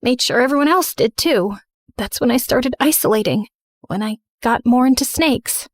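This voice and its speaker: A woman narrating in first person as a remorseful, misunderstood teenage girl, earnest and soft. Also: a little high, expressive, moderate pace, no echo, clean studio sound. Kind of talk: scripted story narration.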